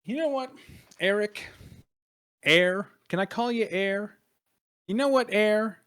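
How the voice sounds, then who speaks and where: A man's voice: mid-range voice, big pitch swings, a little slow, fairly bright tone. A man playing an aggrieved male brute who bullies another character for a magic item, in a mock-friendly, emphatic manner. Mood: loud demanding. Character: aggrieved, vengeful male brute demanding loot.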